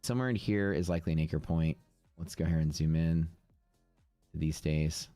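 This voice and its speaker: Deep-voiced man thinking aloud on stream. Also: fairly even intonation, moderate pace, warm tone, no room sound, faint music behind. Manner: casual, thinking aloud with fillers and restarts. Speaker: day trading streamer. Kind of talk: live screen-share commentary.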